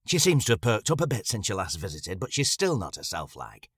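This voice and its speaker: A man's voice: lowish voice, huge pitch swings, fairly quick, fairly bright tone, breathy edge, no echo, studio quality, full character voice. A man voicing a worried, chatty middle-aged mother.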